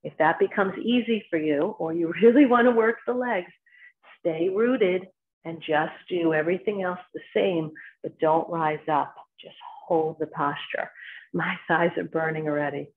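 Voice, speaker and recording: A woman with a New Jersey accent guides a qigong session in brief, paced commands matched to the movements. Her voice sits fairly low, and the recording is thin and tinny, like a phone line. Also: a little slow. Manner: short spoken cues timed to movement. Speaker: qigong instructor. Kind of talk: guided exercise class instruction.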